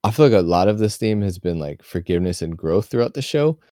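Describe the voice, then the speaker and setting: A man's voice: sits low, lively intonation, fast talker, mellow, no room sound, clean studio sound. A young man co-hosting a casual podcast, talking through his thoughts in a rambling, slangy way. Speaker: podcast co-host. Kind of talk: casual chat about an anime.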